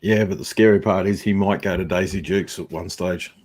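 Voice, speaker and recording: Dry-joking man, low voice. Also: steady tone, a little fast, a little mellow. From Australia. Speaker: live chat guest. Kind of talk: casual chat.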